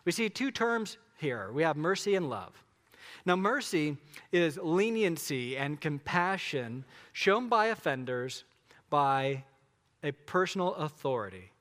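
Male pastor, slightly higher voice, emphatic conversational sermon, long echo of a church hall. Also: sing-song, a little slow, a bit bright. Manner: emphatic, conversational preaching with rhetorical questions.

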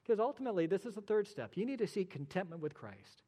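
A male pastor preaching with a somewhat high voice that rings out into a long hall reverb. He presses his points through rhetorical questions and slips in dry, sarcastic asides. It sounds like a church sanctuary. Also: animated, fast, warm tone. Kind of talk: sermon.

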